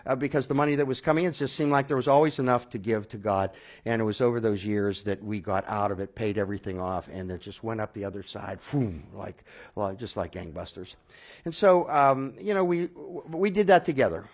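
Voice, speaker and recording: A middle-aged man, a guest, tells his testimony in a casual, rambling way full of fillers and restarts. His voice swings between loud, excited bursts and quiet, low stretches.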